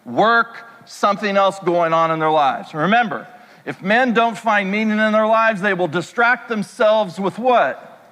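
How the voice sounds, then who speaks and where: High-voiced preaching man in an echoey hall. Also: animated, a little slow, pushed and bright. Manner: conversational preaching with rhetorical questions. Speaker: pastor. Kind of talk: sermon.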